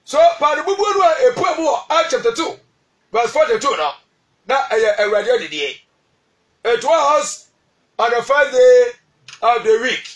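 A man with a Ghanaian accent preaching a radio sermon, shouting key phrases and slowing down to stress scripture. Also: very high voice, sing-song, distant mic, poor audio.

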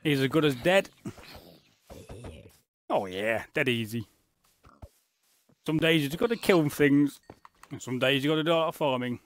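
A man's voice: fairly high pitch, lively intonation, normal speed, pauses often. Jokey man narrating gameplay. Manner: chatty, jokey running commentary. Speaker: gaming channel host. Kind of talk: casual gameplay commentary.

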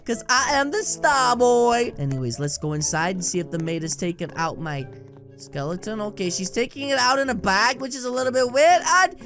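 A woman narrating a roleplay game excitedly, exclaiming often and talking to viewers as guys. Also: fairly high pitch, moderate pace, soft background music.

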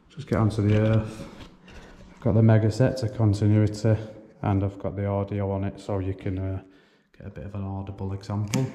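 A man's voice: fairly low pitch, dark tone. A man, an electrician, chatting casually and thinking aloud as he works indoors in a house being renovated. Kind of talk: casual explanation while working. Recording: echoey room with faint background noise.

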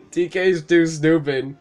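Taking it slowly in a slightly high voice, this young gamer narrates a let's play casually. He curses freely, laughs a lot, and gets heated at what's happening on screen.

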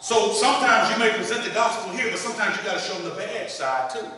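A man's voice: high-pitched, fast, crowd noise. Preaching man in an echoey church. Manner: folksy preaching with call-and-response. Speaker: minister. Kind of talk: sermon. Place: church sanctuary. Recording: echoey church hall from far off.

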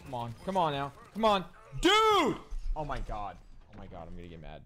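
A hoarse young man hosting a game stream, excitable and exasperated, swearing in casual banter. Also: medium pitch, normal speed. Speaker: streamer host.

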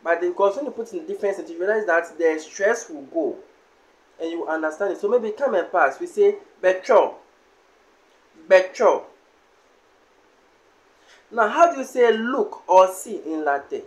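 A man teaching a language lesson, saying each word slowly and repeating it several times. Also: high voice, expressive.

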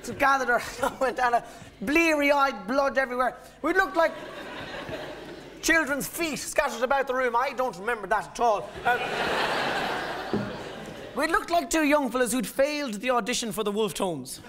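Heavy background noise surrounds a thirtysomething Irish comedian doing live stand-up at a comedy venue. His pitch is extremely high with lively intonation, his pace moderate, and he leaves long pauses while telling rambling stories that he keeps interrupting.

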